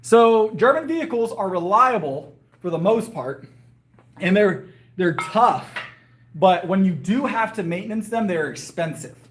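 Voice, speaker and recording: A man with a fairly high voice chats loosely with his live viewers, trailing off and restarting with plenty of ums and uhs. His voice sounds a little worn, and he is outdoors in a yard. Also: lively intonation, unhurried, slight background noise. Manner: rambling, hesitant, lots of fillers and restarts. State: voice getting worn. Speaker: livestreamer and powerlifter. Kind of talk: casual live chat with viewers.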